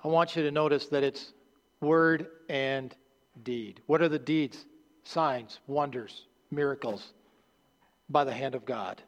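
A male pastor preaching a sermon, earnest and halting, restarting phrases and dropping low at the ends of lines. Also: fairly even intonation, lo-fi sound. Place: church sanctuary. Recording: long hall reverb.

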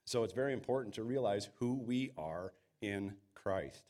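A man's voice: lowish voice, lively intonation, moderate pace, darkish tone. A man preaching a sermon in an earnest, emphatic way, sometimes acting out quoted voices. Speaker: pastor.

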